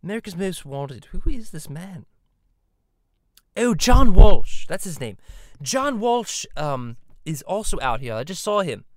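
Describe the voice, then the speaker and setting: A man's voice: high-pitched, big pitch swings, a little slow, dry recording. A man doing a snide cartoon baby boy. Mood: deadpan. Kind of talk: parody voice acting.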